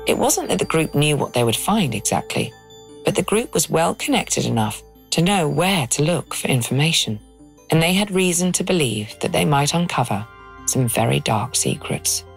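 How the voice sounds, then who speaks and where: A woman in her thirties giving measured, grave documentary narration from a script. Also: deep voice, big pitch swings, creaky, soft background music.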